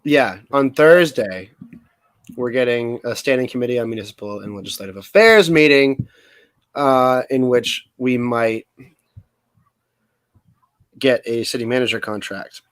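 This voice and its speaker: A podcast co-host with a medium-pitched, somewhat bright voice talks at a measured pace, pausing often, on a casual show about local politics. He rambles, trails off mid-sentence, and eats while talking, captured in a dry recording.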